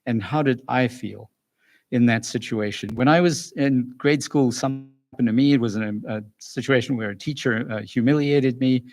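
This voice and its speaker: A man giving a calm, earnest talk to parents as a school psychologist, pausing and restarting now and then. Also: medium pitch. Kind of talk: recorded lecture for parents.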